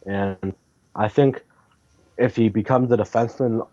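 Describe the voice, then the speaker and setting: A man co-hosting a podcast, chatting about hockey in a casual way, thinking aloud and getting animated. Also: fairly low pitch, measured pace, a little hiss or hum. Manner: thinks aloud with fillers and restarts, then gets animated. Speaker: podcast co-host. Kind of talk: casual sports chat. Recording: dull lo-fi audio.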